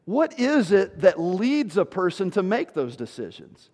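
A male pastor preaching a sermon with emphasis, dropping low and slow for scripture and rising loud to stress a point. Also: huge pitch swings, big-room sound.

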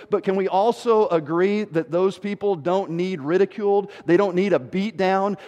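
A man in his forties preaching a sermon as pastor, animated, acting out what people say. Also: sits high, big-room sound. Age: 40s. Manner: animated preaching, quoting people in put-on voices.

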